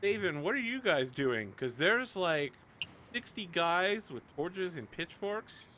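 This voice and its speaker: A man's voice: sits high, very animated, slow, sharp tone. A man running a live-streamed tabletop game as game master, narrating casually with lots of "like". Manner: casual, chatty, lots of fillers like "like".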